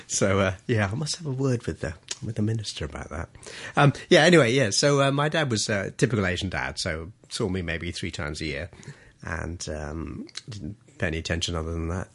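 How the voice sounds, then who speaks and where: Interview guest: middle-aged man with a low, gravelly, husky voice who tells wry, self-mocking anecdotes and laughs often. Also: animated, moderate pace. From grew up in Malaysia and London. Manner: humorous, self-deprecating anecdotes with frequent laughs. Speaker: interview guest, journalist and author. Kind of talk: casual storytelling interview.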